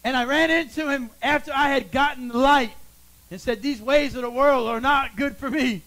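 A middle-aged pastor preaching a sermon, swinging from loud calls to hushed, quiet lines. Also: male voice, very high voice, normal speed, rough recording.

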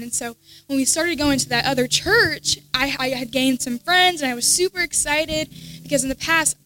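High-voiced teenage girl giving testimony. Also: rough recording. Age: teens. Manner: halting, many restarts, soft at times. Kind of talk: emotional personal testimony. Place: church.

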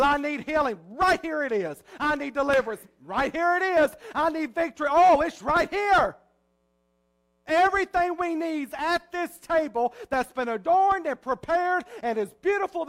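A male pastor preaching a sermon, swinging between soft, low passages and loud, rising ones.

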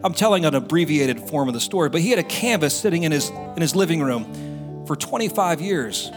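Animated male preacher in a hall. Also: on the high side, brisk. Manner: animated preaching, acts out quotes. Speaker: pastor. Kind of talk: sermon. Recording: roomy hall with music behind.

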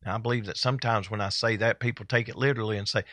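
A man's voice: on the low side, fairly even intonation, racing, hardly any pauses, fairly bright tone, no room sound. A man preaching a sermon at a church service. He is fervent and folksy and hammers his points home by repeating them. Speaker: pastor.

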